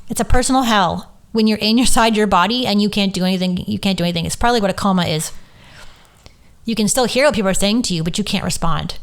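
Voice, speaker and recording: A woman's voice: mid-range voice, fast. A woman hosting a podcast, candidly telling a personal story with strong emotion, holding back tears and swearing freely. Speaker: podcast host and Reiki teacher.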